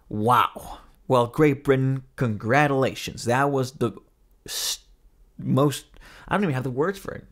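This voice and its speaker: A man's voice: mid-range voice, moderate pace. Exasperated, sarcastic man vlogging. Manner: exasperated and sarcastic, with frequent rhetorical questions; chatty, addresses viewers as guys. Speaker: podcast host. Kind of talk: casual spoken commentary.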